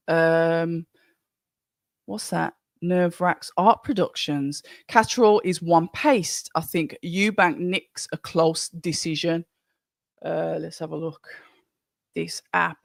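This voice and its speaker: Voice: mid-range voice, gravelly, dry recording, studio quality. Chatty streamer with a Birmingham accent. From Birmingham, England. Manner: chatty and rambling, with frequent restarts. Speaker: live-stream host of a boxing watch-along. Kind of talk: casual live-stream commentary, reading out chat.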